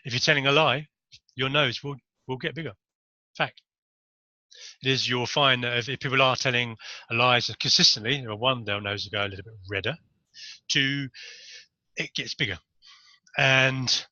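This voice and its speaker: A man's voice: medium pitch, normal speed, pauses often, bright, forceful tone, dry recording, highs cut off. A man giving a casual, rambling talk to camera on body language, with jokey asides.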